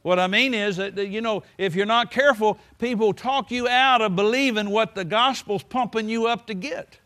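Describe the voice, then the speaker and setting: High-voiced preacher man. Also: a bit bright. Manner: folksy preaching, drawn-out emphasis, frequent "hallelujah". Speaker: pastor. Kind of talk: sermon.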